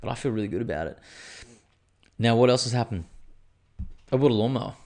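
A man's voice: mid-range voice, animated, fast, long pauses, dark tone. An Australian man in his thirties, hosting a podcast in a rambling, crude, self-mocking solo chat full of swearing. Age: 30s. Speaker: podcast host.

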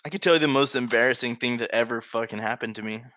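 A man's voice: mid-range voice, quick pace, fairly bright tone, dry recording. Laid-back man telling a profane story. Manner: laid-back, profane, laughs through his stories. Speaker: podcast co-host. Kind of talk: casual chat, storytelling. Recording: dry, slightly dull sound.

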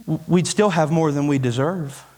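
A man's voice: on the high side, normal speed, darkish tone, long reverb tail. A man preaching a sermon as pastor, folksy and conversational, building to emphatic peaks. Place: church sanctuary.

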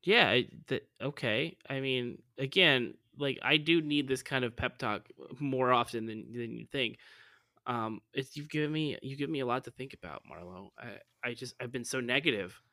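A man's voice: medium pitch, moderate pace, bright, forceful tone, no echo, studio quality. A man hosting a comedy podcast who questions his guest in an incredulous, exasperated way. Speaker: podcast host. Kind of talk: improvised comedy podcast sketch.

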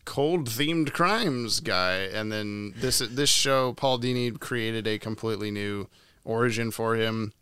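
Bright, clear-voiced man chatting casually. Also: fairly low pitch, slow pace, no room sound. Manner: laughs often, tries funny voices. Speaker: podcast co-host. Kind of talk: casual chat.

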